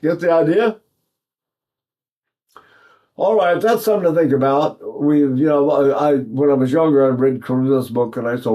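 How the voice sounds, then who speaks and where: A man's voice: fairly high pitch, normal speed, long pauses, warm tone. An older man from East Texas, teaching singing in a rambling, folksy way with many restarts. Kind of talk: singing lesson with sung demonstrations.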